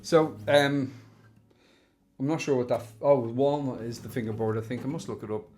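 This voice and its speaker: A man's voice: mid-range voice, moderate pace, darkish tone. An Irish man chatting casually as he unboxes and looks over a guitar, thinking aloud with fond asides. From Ireland. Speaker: guitar reviewer.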